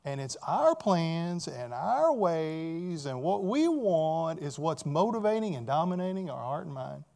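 Male pastor, sermon delivery, high voice with wide swings, peppers listeners with questions. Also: big pitch swings, measured pace, gravelly, darkish tone. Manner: preaching, keeps asking listeners rhetorical questions.

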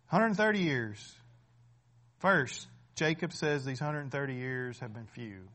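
A man in his forties preaching a sermon in a conversational way, often asking "right?" and building to loud, emphatic peaks. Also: medium pitch, animated, slow. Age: 40s.

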